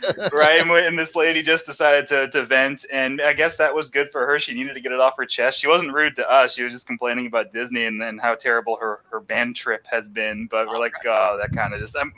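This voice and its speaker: A man's voice: medium pitch, steady tone, a little fast, pushed and bright, a little hiss or hum, poor audio. A man co-hosting a casual chat, telling rambling stories and laughing as he goes. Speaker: podcast co-host.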